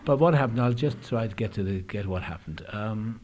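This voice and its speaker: A man's voice: on the low side, expressive, fairly quick, a little mellow, a little hiss or hum. A man telling his recovery story at a meeting, candid and reflective, with frequent hesitations. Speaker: AA speaker. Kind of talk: personal recovery talk. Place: meeting room.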